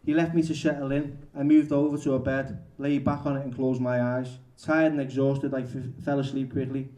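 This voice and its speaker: A man's voice: medium pitch, little pitch movement, moderate pace, warm tone. A man telling candid stories and reading his own book aloud at a bookshop event, frank and self-mocking, chatty with lots of fillers. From England.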